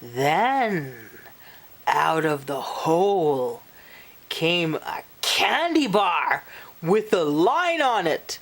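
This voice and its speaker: A woman reading a children's picture book aloud, animated and expressive, pausing to talk to young listeners. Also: fairly low pitch. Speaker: storyteller.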